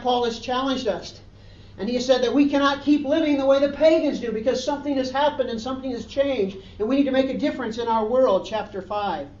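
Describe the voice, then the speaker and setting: A woman preacher with a slightly high, darkish voice delivers a sermon, emphatically and repetitively stressing key phrases. The recording sounds dull and roomy, picked up from a distance.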